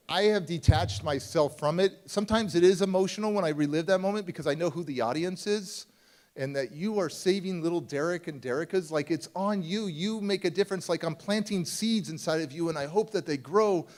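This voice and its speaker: At a summit, a man gives a motivational talk, telling stories live and then taking audience questions. His manner is conversational and confiding, swinging abruptly between loud, emphatic lines and quiet, hushed ones, in a slightly high, animated, somewhat quick voice.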